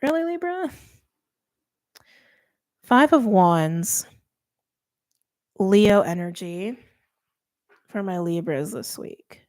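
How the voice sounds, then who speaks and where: A woman's voice: mid-range voice, expressive, very slow, long pauses, darkish tone. A young adult woman giving a chatty, emphatic tarot reading, interrupting herself often. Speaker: tarot reader.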